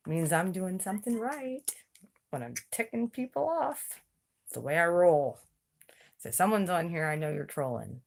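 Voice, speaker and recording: A woman's voice: fairly low pitch, expressive, moderate pace. A woman hosting a casual livestream chat, drawling and taunting as she dares her viewers to speak up. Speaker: YouTube livestream host.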